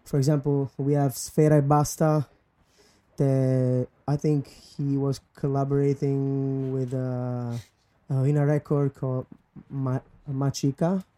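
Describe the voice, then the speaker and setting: A man from Italy with an Italian accent, a guest DJ in casual chat, speaking halting English and searching for words. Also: mid-range voice, flat delivery, mellow.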